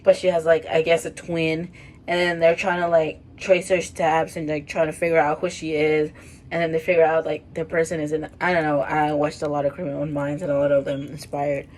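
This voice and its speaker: A woman's voice: deep voice, little pitch movement, a little fast, a little mellow, slight background noise, low-quality recording. A woman in her twenties casually reading her old writing, rambling and self-mocking with lots of fillers. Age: 20s. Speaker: vlogger.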